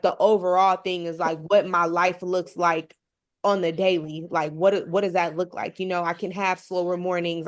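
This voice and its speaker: A woman who runs her own business, speaking at a panel conversation with heartfelt candor. She fills her talk with "like.". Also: lowish voice. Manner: heartfelt, sprinkled with "like". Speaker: mother.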